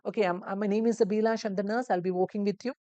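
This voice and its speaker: A woman voicing a gentle, reassuring nurse in an emergency ward, speaking in a slow sing-song way. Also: medium pitch, dry recording, muffled recording, voice pushed up, natural voice. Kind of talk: role-play demonstration.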